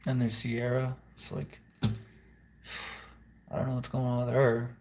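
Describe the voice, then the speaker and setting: A man with a gravelly, fry-edged voice at an ordinary middle pitch talks in a loose confessional ramble. He is blunt and profane and drifts from one thought to the next. It sounds like one long unscripted video monologue. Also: monotone, unhurried, darkish tone. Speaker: musician vlogger.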